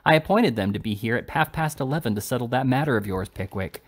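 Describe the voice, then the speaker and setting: A man reading aloud and voicing a shrewd, fussy little lawyer who speaks quickly and jumps high on his key words. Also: animated, natural voice. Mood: brisk.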